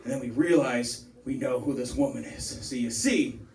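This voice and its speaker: A man telling a rambling, profane stand-up story to a live bar audience, getting louder as it builds. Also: medium pitch, moderate pace, heavy background noise. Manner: rambling, swears a lot, builds to excited shouting. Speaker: stand-up comedian. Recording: roomy live bar recording from a distance. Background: audience laughing.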